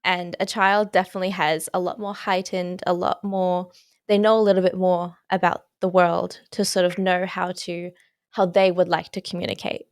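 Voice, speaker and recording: A woman's voice: fairly low pitch, flat delivery, normal speed, dry recording, studio quality. A young woman in her twenties hosting a podcast, asking tentative questions with many qualifiers. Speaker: podcast host.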